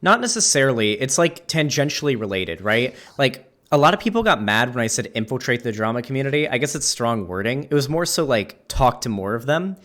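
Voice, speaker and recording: A man's voice: mid-range voice, very animated, brisk, few pauses, a bit bright. A man hosting a casual conversation, rambling with many fillers and restarts. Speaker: streamer and host.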